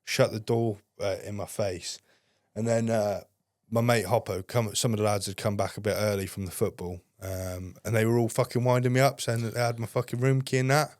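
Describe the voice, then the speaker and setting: Podcast guest, young man, low-pitched and dry, swears constantly while he rambles through a story. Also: little pitch movement, brisk, darkish tone, no echo. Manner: heavy swearing, rambling anecdotes. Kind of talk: casual storytelling.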